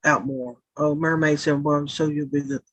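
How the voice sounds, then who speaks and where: A woman's voice: low voice, fairly even intonation, moderate pace, dry recording, poor audio. Rambling, cussing Southern woman streamer. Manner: rambling and profane, laughing as she goes. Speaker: livestream host. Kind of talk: casual chat reading live comments.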